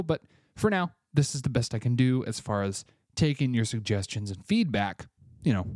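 A man's voice: medium pitch, darkish tone, dry recording, clean studio sound. A man from Tennessee, hosting a casual solo podcast with offhand, chatty asides, a bit congested. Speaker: podcast host.

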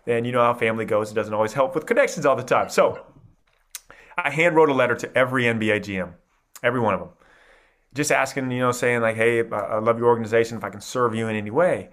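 A man in his thirties from Iowa, telling his life story as a podcast guest in an animated, energetic way. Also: mid-range voice, fast talker. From Iowa, USA. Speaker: podcast guest, mindset coach. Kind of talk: storytelling interview.

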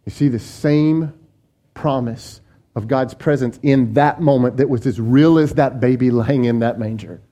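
A male pastor preaching a sermon in a conversational, animated way, with frequent asides to the congregation. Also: medium pitch, a little slow.

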